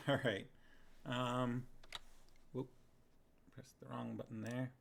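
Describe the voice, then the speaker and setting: A man's voice: medium pitch, level tone, slow, creaky, a little hiss or hum. A man streaming a book reading, casually chatting with his viewers, laughing often and reading their comments aloud.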